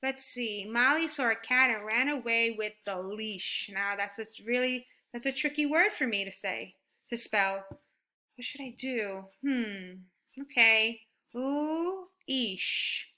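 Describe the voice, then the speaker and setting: A woman teaching a first grade writing lesson, sounding out words slowly and praising her students. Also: on the high side. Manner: slow and deliberate, sounding out words; encouraging, animated when praising.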